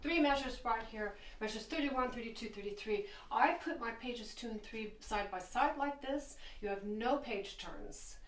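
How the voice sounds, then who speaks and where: A woman piano teacher with a fairly high voice explains a piece while playing it, talking at a moderate pace with barely any pauses. She's enthusiastic, counting beats and singing phrases out loud. The recording sounds roomy, picked up by a distant mic, with piano playing in the background.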